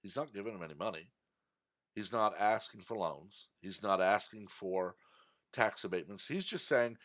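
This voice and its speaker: A man's voice: fairly low pitch, moderate pace, fairly bright tone. Indignant man ranting in a commentary. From Texas. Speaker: political commentator. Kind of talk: opinion commentary monologue.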